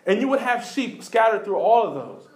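A pastor with a high, sing-song voice preaches a sermon at normal speed. He fires rhetorical questions at his listeners, repeats key words for emphasis, and drops into quiet, low asides between his loud points.

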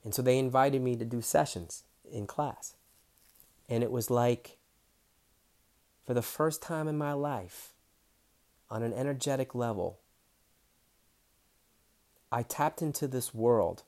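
Man, mid-pitched, personal storytelling; blunt, swears, acts out the other voices. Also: slow, long pauses, darkish tone. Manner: candid, swears freely, acts out dialogue; emotional, close to tears. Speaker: guest telling his story.

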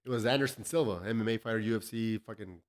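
A man's voice: fairly low pitch, fast. Joking, profane male podcast host. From El Paso, Texas. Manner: loud, joking, laughs often. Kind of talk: profane casual chat.

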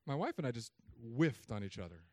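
A man in his thirties preaching a sermon as pastor, telling stories in an animated way with sudden loud, high bursts. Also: a little fast.

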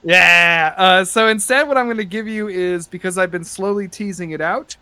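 Man, game master, rambling, excitable, bright tone, somewhat high voice. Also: moderate pace, smooth, dry recording. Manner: rambling, lots of fillers, excitable. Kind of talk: casual podcast chat and game narration.

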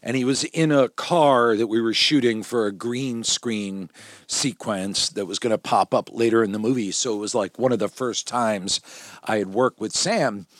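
A male film director talks through behind-the-scenes stories in an easy, animated way, slipping into quick impressions of the people he quotes. His voice sits at a middle pitch, and the recording is dry and close, with no room sound. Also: dry recording. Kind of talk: conversational anecdotes.

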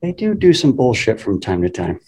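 A man co-hosting a podcast, talking in a casual but measured, businesslike way. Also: mid-range voice, very animated, darkish tone, husky, low-quality recording.

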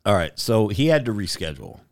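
A man hosting a podcast, asking probing questions in a halting, casual way. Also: lowish voice, huge pitch swings. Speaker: podcast host. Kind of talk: casual chat.

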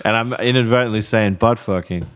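A man's voice: lowish voice, a little fast, clean tone. An Australian man, a guest comedian and singer, chatting casually on a podcast with a slightly slurred voice, wandering off on tangents. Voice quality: slurry speaking voice. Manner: rambling, goes off on tangents.

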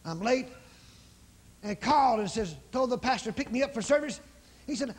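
A man preaching a fervent revival sermon, calling people forward and praying over them in a husky voice. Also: very high-pitched, expressive. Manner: fervent, shouting praise, rapid calls to come forward. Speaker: evangelist. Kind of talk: revival sermon with healing prayer. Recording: live in a large hall with long reverb.

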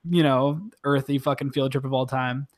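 A man co-hosting a casual podcast chat, retelling scenes with lots of swearing and quick mock quotes. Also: medium pitch. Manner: profane, animated retelling with quoted voices. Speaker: podcast co-host.

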